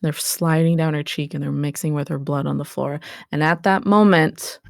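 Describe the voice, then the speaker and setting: Sex: woman. Role: game master. Style: descriptive tabletop narration. Pitch: lowish. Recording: dry and close. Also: normal speed, gravelly, dry recording. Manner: vivid descriptive narration, calling for dice checks.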